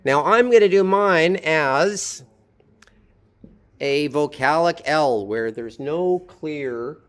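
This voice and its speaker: A man teaching a phonetics lesson, explaining pronunciation patiently and thinking aloud as he goes. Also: fairly high pitch. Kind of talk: phonetics lecture.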